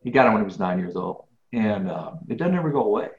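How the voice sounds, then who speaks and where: A man's voice: on the low side, fast. Earnest middle-aged man, roomy lo-fi sound. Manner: earnest, rambling, repeats words, grows animated when ranting. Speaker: guest, business speaker. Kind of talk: casual interview answers.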